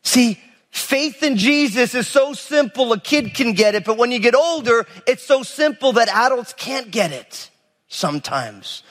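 Male pastor, high-pitched, animated storytelling sermon, reverberant hall sound. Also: unhurried. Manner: animated, acts out biblical figures in casual voices.

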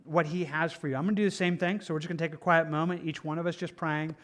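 A man pastor preaching a sermon, swinging between loud emphatic stretches and soft hushed ones. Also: fairly high pitch, steady tone, fast talker.

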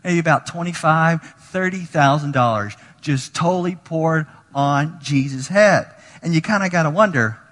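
Male preacher, sermon, lively swings in pitch, long hall echo. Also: breathy edge. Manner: animated, acts out quoted voices, drops to near whispers. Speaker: pastor.

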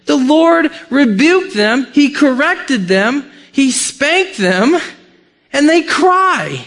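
A man preaching a sermon with emphatic delivery, swinging from loud peaks down to quiet, low passages. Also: big pitch swings, slow pace. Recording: long hall reverb.

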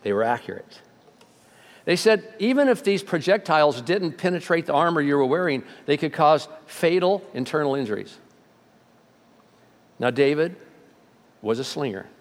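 Male preacher, animated storyteller, slightly high voice, reverberant hall sound. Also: moderate pace, long pauses. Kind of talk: sermon.

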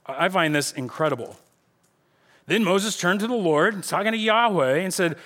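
High-voiced man preaching casually. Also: moderate pace. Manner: casual, conversational preaching with slang; animated, swings between loud emphasis and quiet. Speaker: pastor. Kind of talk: sermon. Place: church.

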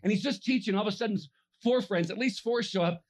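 A man preaches a sermon with lively energy, telling a story in which he acts out characters in funny voices and laughs often. His voice sits high and comes out rapid-fire.

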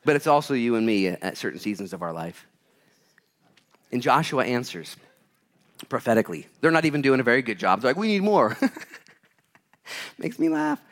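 A man preaching a sermon and reading scripture, swinging between loud bursts and hushed asides. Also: medium pitch, huge pitch swings, moderate pace, gravelly, pauses often. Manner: reads scripture aloud. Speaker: pastor.

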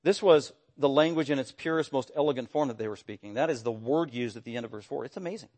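A man preaching an expository sermon, animated and emphatic, with bursts of raised voice, sometimes mimicking voices for quoted lines. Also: medium pitch, fast. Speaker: pastor.

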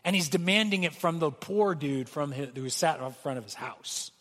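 Male pastor, earnest sermon delivery, high voice, recorded in a reverberant church hall. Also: moderate pace, fairly bright tone. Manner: earnest preaching, acts out pleading quotes.

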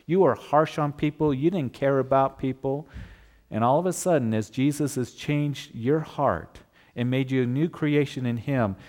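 A man's voice: mid-range voice, normal speed, a little mellow. A male pastor preaching a sermon in a conversational way, asking his listeners rhetorical questions.

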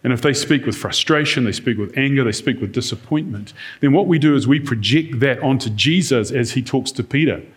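A man's voice: medium pitch, a little fast, hardly any pauses. A man preaching a sermon in a conversational way, now and then acting out quoted lines in different tones.

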